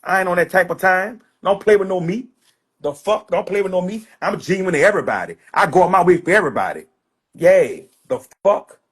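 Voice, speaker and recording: Husky-voiced man in a heated rant. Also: high-pitched, lively intonation, fairly quick. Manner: repetitive, blunt, profane. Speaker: social media personality.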